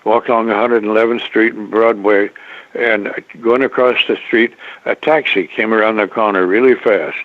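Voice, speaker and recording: An older man, a guest in an interview, telling a long rambling story, halting and restarting often, with a chuckle now and then. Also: mid-range voice, dry recording. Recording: dry tinny phone line.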